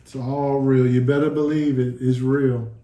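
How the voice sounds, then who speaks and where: A man's voice: mid-range voice, flat delivery, moderate pace, mellow. A man giving an earnest testimony in a casual sit-down chat, acting out the dialogue as he tells it. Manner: earnest storytelling, acts out quoted dialogue. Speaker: guest telling his near-death story. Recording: echoey room.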